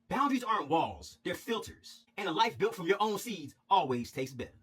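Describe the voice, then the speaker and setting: A man telling a spiritual parable as an animated, profane storytelling monologue. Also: sits high, fairly quick, breathy edge. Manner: irreverent, animated, heavy swearing.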